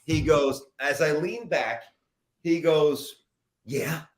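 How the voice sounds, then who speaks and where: A man's voice: on the high side, takes it slowly. A middle-aged man, a sports radio host, telling a long story as a guest in a podcast interview, rambling and poking fun at himself. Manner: animated, rambling, self-mocking storyteller.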